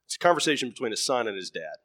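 A man's voice: mid-range voice, sing-song, rapid-fire, fairly bright tone, no room sound, clean studio sound. A man preaching a sermon in a conversational way, full of ums and uhs, who tells a story and lightly acts out its voices.

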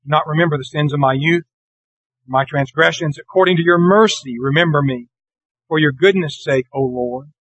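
A man preaching a morning lesson, reading scripture verses slowly and earnestly. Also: a little high, a bit bright, slightly rough, dry recording, low-quality recording. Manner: earnest, deliberate, slows for scripture.

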